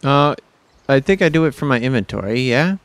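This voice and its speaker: Excitable man narrating his gameplay. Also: a little fast, dry recording. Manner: excitable, yelps high when surprised, self-mocking. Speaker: gaming YouTuber. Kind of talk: casual let's-play commentary.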